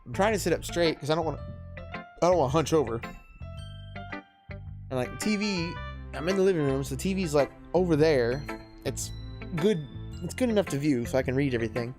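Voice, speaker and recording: A man's voice: a little high, animated, a little fast, pauses often, music in the background. A man reading a visual novel aloud from a recliner in his living room, making casual, joking asides, with a mic close beside him. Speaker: gameplay video host. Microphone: mic right next to him.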